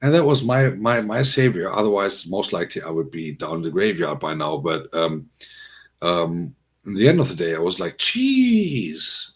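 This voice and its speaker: A man with a lowish voice hosts a relaxed livestream, chatting to his viewers at a desk mic. He rambles through stories, full of ums and restarts. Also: normal speed, gravelly. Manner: chatty, rambling storyteller with many fillers. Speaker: livestream host. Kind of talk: casual livestream chat.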